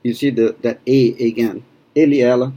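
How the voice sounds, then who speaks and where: A man's voice: mid-range voice, steady tone, moderate pace, warm tone, dull audio. A man from Rio de Janeiro, a native Portuguese speaker with a Brazilian accent, teaching a Portuguese lesson in English and patiently repeating words for practice. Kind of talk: language lesson.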